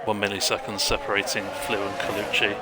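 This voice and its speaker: Low-voiced joking male co-commentator. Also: flat delivery, fast talker, heavy background noise. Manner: joking, chatty storyteller. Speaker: race co-commentator. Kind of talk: live sim racing commentary.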